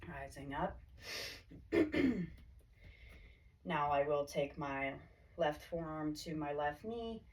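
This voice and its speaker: A woman yoga instructor calmly cueing poses and breaths in a guided class, her throat a little choked up. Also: deep voice, slow, pauses often. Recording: distant mic with faint background hiss.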